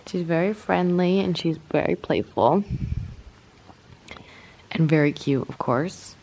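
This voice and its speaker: A young woman chats casually to her camera at home, her voice sitting a little low, with baby talk now and then. Faint room ambience hums behind her, picked up by a handheld camera mic. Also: takes it slowly, creaky, long pauses, darkish tone, slight background noise, rough recording. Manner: chatty, switches to high baby talk with the kitten. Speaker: vlogger. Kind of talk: casual vlog chat. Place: home bedroom, indoors.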